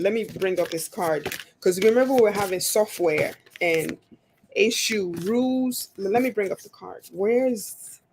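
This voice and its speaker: A woman's voice: on the low side, a little hiss or hum. A woman talking as a guest on a video call, stammering and repeating words as she explains her card readings. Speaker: guest, spiritual reader. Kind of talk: casual chat over a video call.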